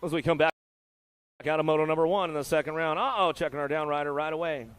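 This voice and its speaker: A man calls the race live, rattling off names and positions in a hyped, easygoing patter. His voice sits a little higher than most men's, and he keeps throwing slang into the play-by-play. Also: fairly even intonation, very fast, a bit bright, smooth. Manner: hyped, laid-back slang-filled patter. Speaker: race announcer.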